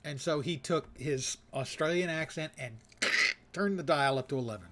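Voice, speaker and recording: With a slightly high, fairly bright voice at a moderate pace, this American man from the United States talks casually while streaming a game. His gameplay chatter rambles with asides and frequent self-corrections.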